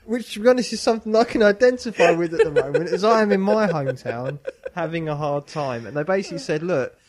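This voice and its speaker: A man's voice: high voice, animated, quick pace. A man hosting a casual podcast, reading a Bible passage with lots of self-mocking laughter. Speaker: podcast host.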